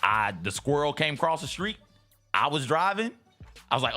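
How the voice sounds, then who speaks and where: A man's voice: fairly high pitch, lively intonation, brisk, bright, forceful tone, faint music behind. A man co-hosting a talk show, chatting casually with a teasing, wry manner. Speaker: co-host. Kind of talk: casual chat.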